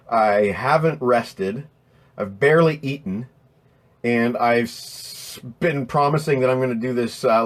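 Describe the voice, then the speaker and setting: A man hosting a casual live stream, rambling and swearing as he reads out chat names, his throat strained from voiceover work. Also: medium pitch.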